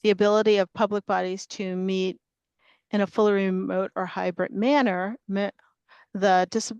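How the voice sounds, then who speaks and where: A sick, worn-out woman runs a remote public meeting on a video call. Her voice stays smooth and clear in a dry, close sound, but she hesitates, restarts and fills gaps with ums as she reads the formal opening. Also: medium pitch, fairly even intonation, a little mellow, no room sound, dull audio. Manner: halting, with frequent fillers and restarts. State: sick and tired.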